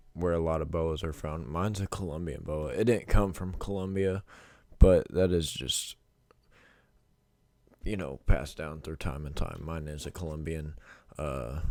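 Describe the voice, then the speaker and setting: Deep-voiced young man casually reacting. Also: darkish tone, no room sound. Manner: rambling, informal, self-correcting. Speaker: reaction video host.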